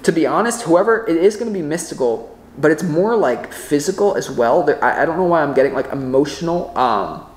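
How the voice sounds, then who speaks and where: A man giving a casual tarot reading to camera, excitable and rambling, often breaking off mid-thought. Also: on the high side, brisk, roomy sound. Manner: rambling, excitable, self-interrupting. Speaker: tarot reader.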